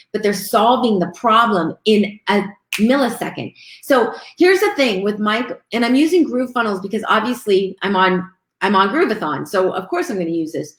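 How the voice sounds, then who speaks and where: A woman's voice: mid-range voice, echoey room. A woman giving a live webinar talk, upbeat, thanking viewers and reading out their chat comments. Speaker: webinar presenter.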